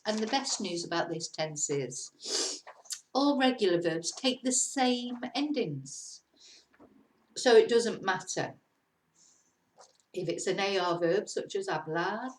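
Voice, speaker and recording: Chatty woman teaching, roomy sound. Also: mid-range voice. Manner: chatty, encouraging, laughs at herself. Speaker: Spanish teacher. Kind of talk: casual video lesson. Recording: roomy echo.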